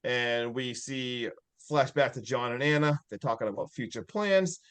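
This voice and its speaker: A man's voice: medium pitch, normal speed, fairly bright tone, smooth. A man casually recapping a film as a podcast co-host, rambling with fillers and frequent laughs.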